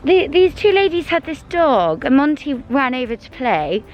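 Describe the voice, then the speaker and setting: An English woman chatting casually in a vlog, gushing and full of fillers, and cooing at her dog in a high baby voice. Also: very animated, normal speed, dull audio, slight background noise. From England. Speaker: vlogger.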